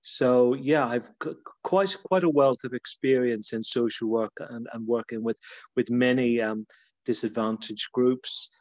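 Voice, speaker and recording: An Irish man in his fifties talks as a guest on a podcast, hesitating often and restarting his sentences. His voice sits at an ordinary middle pitch. The sound is dull and lo-fi, with no room echo. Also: a little slow, a little mellow. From Ireland. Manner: hesitant, many fillers and restarts. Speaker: guest, social worker. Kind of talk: casual podcast interview.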